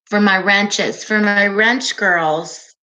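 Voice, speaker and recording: Slow, soft-voiced woman host. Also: medium pitch. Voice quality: soft, calming voice. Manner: chatty and unhurried, giggly. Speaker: livestream host. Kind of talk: casual livestream chat answering viewers.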